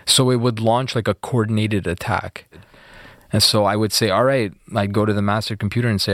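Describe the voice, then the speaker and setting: A man being interviewed, retelling events in a fast, animated way with many fillers. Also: fairly low pitch, dry recording, clean studio sound. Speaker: interview guest. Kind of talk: casual storytelling interview.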